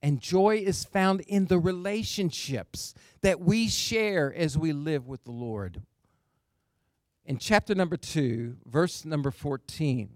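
A man's voice: on the high side, expressive, slow, darkish tone, dry recording, studio quality. A man preaching a sermon as pastor, emphatic, with call-and-response asides and phrase endings that drop to a near whisper.

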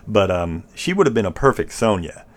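A man with a very low voice talks in a loose, rambling way, throwing out blunt opinions and casual swearing. He sounds like a podcast co-host in relaxed conversation. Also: a little fast. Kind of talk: casual chat.

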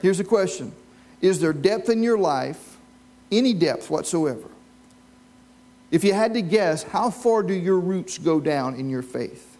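Man preaching with a lively storyteller's delivery. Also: high-pitched, measured pace. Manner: storytelling, asks the congregation questions. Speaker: pastor. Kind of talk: sermon. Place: church with a live congregation.

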